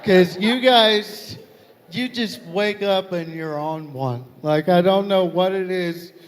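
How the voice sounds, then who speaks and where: A man doing a stand-up set, telling profane, animated stories with loud comic outbursts, recorded live at a venue with an audience. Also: high voice, takes it slowly. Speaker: stand-up comedian. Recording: live hall reverb, crowd laughter.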